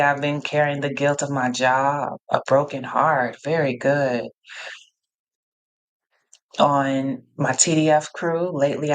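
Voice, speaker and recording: A woman hosting a live-streamed Q&A, reading out chat replies in an energetic, encouraging way and often repeating herself. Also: a bass voice. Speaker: live Q&A host, coach.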